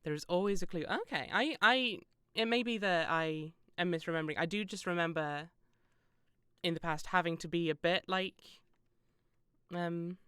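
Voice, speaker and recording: A woman's voice: lowish voice, moderate pace, bright, forceful tone, clean tone, no echo, studio quality. A young British woman streaming a game, chatting casually in a rambling, self-deprecating way with frequent laughs. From Britain. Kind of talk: casual gameplay stream chat.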